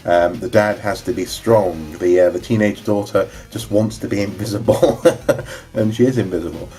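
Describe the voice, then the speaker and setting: A young man with a low voice talks casually and enthusiastically. He rambles, filling the gaps with ums and restarts. Faint background music plays under his voice. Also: normal speed, dark tone. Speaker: vlogger reviewing his DVD collection. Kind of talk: casual chat.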